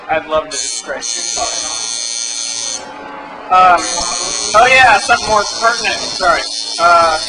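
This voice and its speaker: A tattoo shop co-owner in his thirties tells rambling stories in a casual interview. His voice sits high for a man, and he swears freely and jokes around. Loud music plays the whole time behind him. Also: poor audio. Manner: joking, profane, acts out voices in stories.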